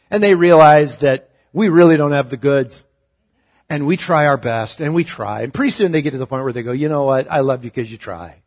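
A man preaching a sermon in a somewhat high voice. He talks in a casual, joking way, then drops soft or swells loud to drive a point home. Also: slightly rough. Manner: conversational, humorous preaching with sudden loud and soft turns. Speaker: pastor.

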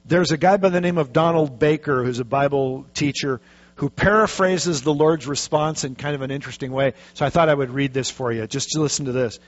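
A man preaching a sermon, telling a story with lively, animated delivery and acting out the quotes. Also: medium pitch, a little fast. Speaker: pastor. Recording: dull lo-fi recording.

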